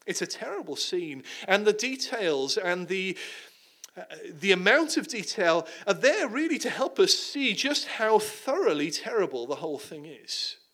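Animated man preaching a sermon. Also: sits high, measured pace. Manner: dramatic storytelling, drops to hushed tones.

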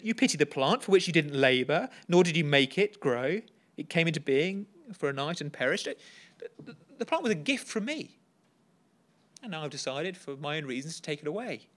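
A man's voice: fairly high pitch, expressive, normal speed, fairly bright tone. A man preaching and voicing God as a patient, firm male figure who reasons and explains.

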